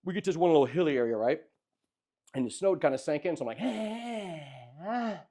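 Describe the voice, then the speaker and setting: A young man telling a funny story in casual chat, animated and often laughing as he acts out what people said. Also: on the high side, racing. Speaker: podcast host telling a story.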